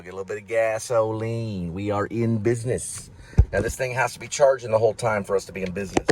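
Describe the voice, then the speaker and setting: Talking fast in a fairly low voice, a man who works as a delivery driver and vlogs chats and rambles from behind the wheel. He jokes and keeps repeating phrases, with loud vehicle road noise underneath.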